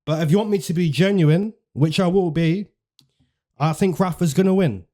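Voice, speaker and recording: A man's voice: high-pitched, moderate pace, warm tone. A man hosting fight predictions in casual, chatty commentary, repeating phrases for emphasis and using slang.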